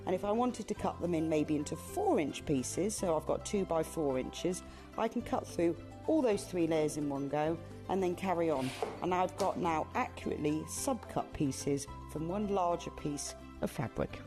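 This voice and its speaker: Lady explaining quilt cutting, lower voice, music playing behind. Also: normal speed. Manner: calm, instructive. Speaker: sewing demonstrator. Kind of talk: step-by-step tutorial.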